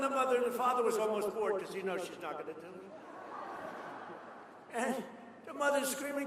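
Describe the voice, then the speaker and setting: An older politician giving a rambling, boastful rally speech in a large hall. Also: male voice, very high-pitched, normal speed. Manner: rambling, boastful storytelling with asides. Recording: echoey hall, distant PA mic, noise.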